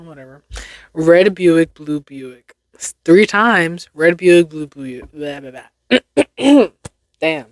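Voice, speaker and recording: A woman's voice: deep voice, no echo, studio quality. A young woman hosting a casual solo podcast, reading tongue twisters aloud and laughing at her own stumbles. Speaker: podcast host.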